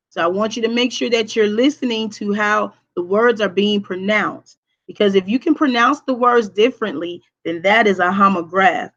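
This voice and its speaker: A woman teacher giving a recorded online lesson. She has a projecting voice and speaks deliberately, checking in with "okay?" after each point. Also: medium pitch, muffled recording. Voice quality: voice projects strongly.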